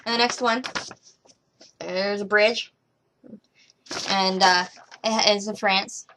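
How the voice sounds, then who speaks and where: A young adult woman vlogging casually, rambling with many fillers and restarts, her voice trailing off quietly at the ends of thoughts. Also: mid-range voice, steady tone, slow pace, a little hiss or hum.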